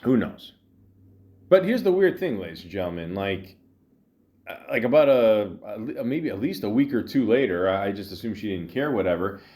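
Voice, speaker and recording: A tired man hosting a podcast, telling a long rambling story with lots of fillers, restarts and deadpan asides. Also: fairly low pitch, normal speed. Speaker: podcast host. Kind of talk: rambling comedic monologue.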